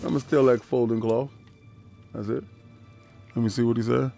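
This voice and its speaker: A man's voice: medium pitch, fairly even intonation, normal speed, gravelly, warm tone, soft background music. A man streaming a video game, talking in a casual, slangy, joking way and laughing often. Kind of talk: casual gaming commentary.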